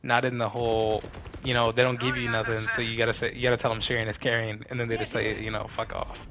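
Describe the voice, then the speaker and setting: A man's voice: medium pitch, flat delivery, quick pace, a crowd in the background. A young man rambling casually with slang and lots of fillers while he plays a game. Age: young adult. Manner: laid-back slangy rambling with many fillers. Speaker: streamer.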